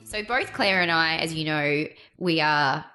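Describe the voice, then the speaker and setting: A woman co-hosting a podcast, asking friendly, halting interview questions. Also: deep voice, bright, forceful tone, faint music behind. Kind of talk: casual interview chat.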